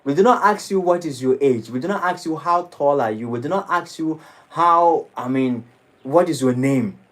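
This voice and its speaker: A man preaching a sermon in a temple, dramatic and lively. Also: a little high, moderate pace, low-quality recording. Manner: dramatic, shifting into mocking acted quotes. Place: temple hall.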